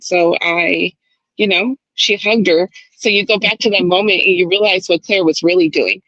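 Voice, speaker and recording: A woman hosting a casual book club podcast, talking in an animated way and swearing freely, heard over a dull, lo-fi call. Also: lowish voice, moderate pace, dry recording. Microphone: video call.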